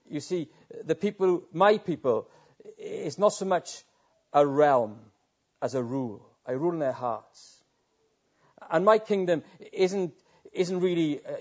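Earnest preacher, dull lo-fi sound. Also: male voice, on the high side, darkish tone. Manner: earnest, rhetorical, with stammered restarts. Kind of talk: evening sermon. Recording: dull lo-fi recording.

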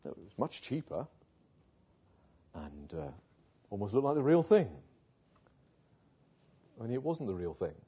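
Earnest preacher, muffled recording. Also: male voice, on the high side, warm tone, husky. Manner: earnest, rhetorical questions, builds to emphatic passages. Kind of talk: sermon. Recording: muffled lo-fi sound.

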